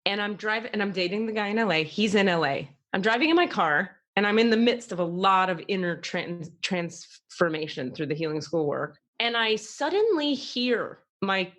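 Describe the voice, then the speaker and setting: A woman podcast host telling a personal story in a casual, animated way, swearing freely. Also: mid-range voice, normal speed, hardly any pauses.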